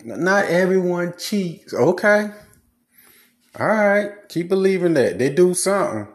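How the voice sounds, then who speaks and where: A man giving blunt, preachy relationship advice in a casual, slangy monologue. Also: fairly high pitch.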